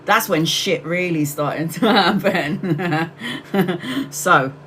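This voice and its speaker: A woman's voice: fairly low pitch, extremely slow, fairly bright tone, slight background noise, low-quality recording. A middle-aged woman hosting a tarot livestream, telling a story to her viewers in a candid, chatty way and swearing casually. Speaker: tarot reader livestream host.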